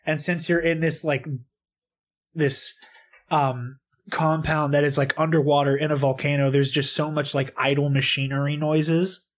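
Man, slightly high voice, excitable, filler-heavy, casual podcast chat. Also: normal speed. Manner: excitable, storytelling with lots of fillers. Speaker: podcast co-host. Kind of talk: casual podcast chat about video games.

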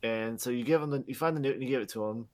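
A man's voice: medium pitch, rapid-fire. Rambling, cussing male podcast co-host. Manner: rambling, profane, many fillers. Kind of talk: casual game recap.

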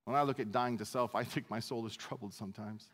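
A man's voice: mid-range voice, steady tone, fast, a bit bright, in a large hall. A male pastor preaching a sermon in a conversational, self-deprecating way. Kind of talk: sermon, verse-by-verse teaching.

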